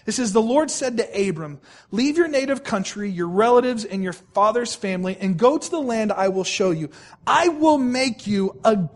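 A male pastor delivers a sermon in a notably high voice. He leans on repetition, stretching out important words for emphasis. He keeps turning to the congregation with direct questions. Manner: emphatic, repeats phrases, slows right down to stress key words.

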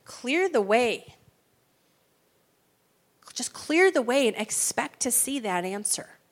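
A woman's voice: on the high side, very animated, slow. A woman preaching a sermon with emphatic, preacherly delivery, often asking her listeners for agreement.

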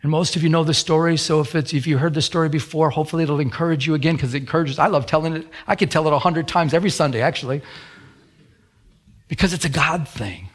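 Earnest man preaching, higher voice. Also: fast talker, slightly rough. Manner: earnest storytelling with frequent restarts. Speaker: pastor. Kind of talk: sermon with personal story.

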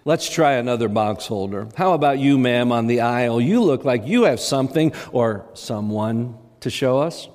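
A man's voice: medium pitch, expressive, moderate pace, few pauses, darkish tone, in a large hall, natural voice. A man voicing a cheery young male host who coaxes people along. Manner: cheery, coaxing.

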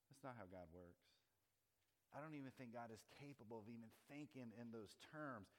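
Brief: mid-pitched male pastor, sermon style, stresses words slowly, long reverb. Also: expressive. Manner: conversational preaching, slowing to stress key words.

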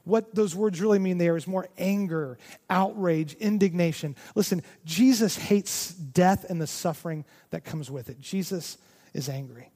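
A male pastor preaching a sermon with great passion, moving between loud emphasis and hushed, near-whispered lines. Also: high-pitched, unhurried. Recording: long reverb of a large hall.

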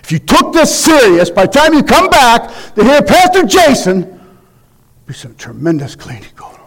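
A man's voice: very high-pitched, wildly swooping pitch, moderate pace, a bit bright. A man preaching as a guest, reading scripture aloud and then driving his points home with emphatic, rising exhortation.

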